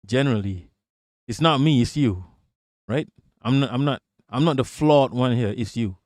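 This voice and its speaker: A man's voice: medium pitch, normal speed, a little mellow, no echo, studio quality. A man streaming live, giving sarcastic, profane commentary and answering his chat. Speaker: streamer reacting to a clip and chat.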